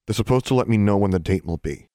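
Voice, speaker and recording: A man's voice: on the low side, lively intonation, quick pace, warm tone, no room sound, clean studio sound, close to an everyday voice. A man voicing a young girl, a defiant witch prisoner who speaks tersely and warily. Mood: guarded. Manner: terse, guarded.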